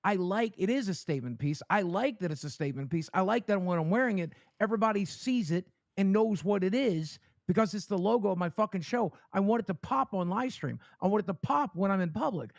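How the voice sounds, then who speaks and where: A man's voice: high voice, lively intonation, brisk, creaky, hardly any pauses, no room sound, clean studio sound. A man co-hosting a live stream, talking in an emphatic, indignant way with swearing. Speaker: show co-host.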